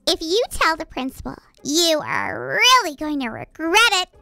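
A woman's voice: very high-pitched, huge pitch swings, normal speed, creaky, bright, forceful tone, no echo, heavily acted. A woman voicing a bratty schoolgirl bully who sneers and taunts in a Minecraft role-play. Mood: threatening.

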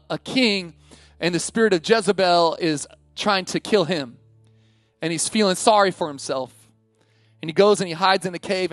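A male pastor preaching with mounting fervor and a notably high voice, at times pushing toward a yell. The sound is close and dry, with no room echo around it. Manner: energetic preaching that rises to near-yelling. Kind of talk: sermon. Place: church sanctuary with congregation.

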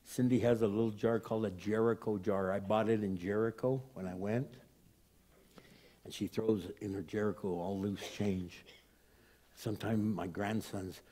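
A man's voice: on the low side, fairly even intonation, normal speed, warm tone. An older man, a pastor giving a sermon in a conversational, storytelling way.

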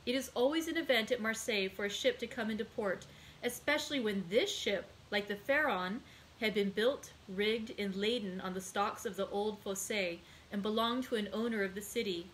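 A woman's voice: mid-range voice, a little hiss or hum, low-quality recording. Woman reading a classic novel aloud. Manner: measured, with small slips and self-corrections on names. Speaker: librarian hosting a read-aloud.

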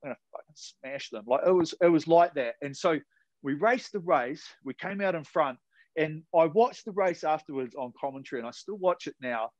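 This New Zealand man, a retired rower guesting on a podcast, spins laid-back sports yarns full of slang and offhand cursing. He speaks at a normal speed with a fairly high, animated, slightly mellow voice, captured in a muffled recording without echo.

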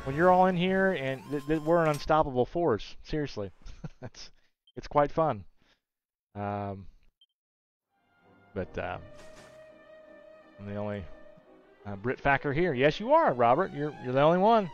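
A man's voice: a little high, expressive, measured pace, long pauses, muffled recording, soft background music. A man hosting a casual gaming livestream, reading viewer comments aloud and bantering with his regulars by name. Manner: chatty, reads viewer comments aloud and answers them warmly by name. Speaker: livestream host. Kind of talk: casual live-stream chat while gaming.

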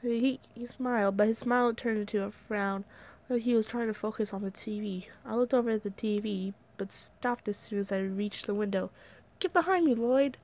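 A woman casually reading her fan story aloud, slightly hoarse, chatting in asides with many fillers and restarts. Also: medium pitch, steady tone, moderate pace, darkish tone. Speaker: fan fiction reader.

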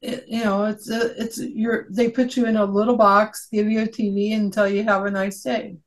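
A woman's voice: medium pitch, flat delivery, poor audio. A middle-aged woman chatting casually, telling stories and laughing often. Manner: slow, laughing, anecdotal. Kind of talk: casual chat.

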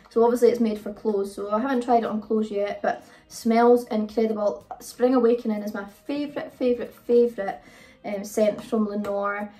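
A woman's voice: mid-range voice, dark tone. A British woman chatting casually through a haul video, rambling with frequent ums. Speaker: vlogger. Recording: voice a bit far from the mic, faint music.

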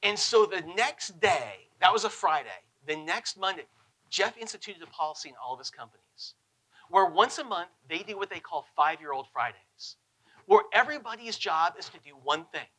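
Guy doing a keynote on stage, bright voice, lively storytelling. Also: high-pitched, normal speed, poor audio. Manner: punchy, animated storytelling. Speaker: keynote speaker. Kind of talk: motivational storytelling talk. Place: conference stage.

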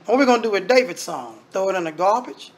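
Preaching as minister, a man with a high, expressive voice moves at a quick pace, and a little hiss or hum is audible. He repeats points emphatically, fires rhetorical questions, and calls his listeners brethren.

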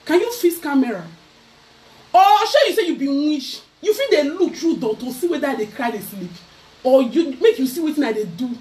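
A Nigerian woman vlogger ranting loudly to camera in a mocking, scolding way. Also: sits high, lively intonation, a little fast. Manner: loud, mocking, switching into Pidgin. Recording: voice a bit far from the mic.

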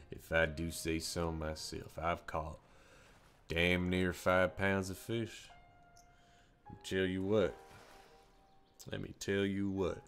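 A man voicing a gruff country fisherman with a put-on American country accent, drawling folksy talk on a live stream. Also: low-pitched, little pitch movement, takes it slowly, pauses often, fairly bright tone, soft background music, heavily acted. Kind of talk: live stream role-play.

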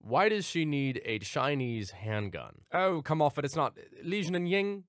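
A man's voice: fairly high pitch, very animated, unhurried, a bit bright, no room sound, clean studio sound. A man voicing Harry, an exasperated, grumbling male team leader.

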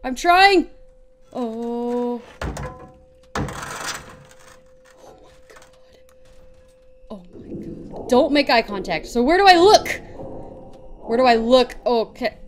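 A woman's voice: on the high side, expressive, extremely slow, long pauses, a little hiss or hum. A young woman playing a horror game on her channel, panicking, shrieking and laughing nervously as she talks. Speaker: let's play gamer.

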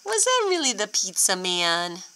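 Expressive woman reading to children. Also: mid-range voice, measured pace, rough recording. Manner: expressive, asks children questions. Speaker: storyteller for children. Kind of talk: children's picture-book read-aloud.

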